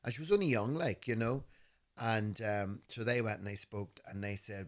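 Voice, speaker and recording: A man in his fifties with a Belfast accent, co-hosting a podcast and telling animated, laughing stories that act out voices. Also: lowish voice, moderate pace. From Northern Ireland. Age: 50s. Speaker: podcast host. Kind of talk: casual storytelling chat.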